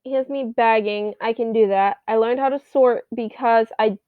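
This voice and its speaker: A young adult woman with a hoarse voice, rambling casually through a personal update from her bedroom. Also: on the high side, fairly even intonation, moderate pace, no echo. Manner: rambly, chatty. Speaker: vlogger. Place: bedroom at home. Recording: tinny, phone-like, dry sound.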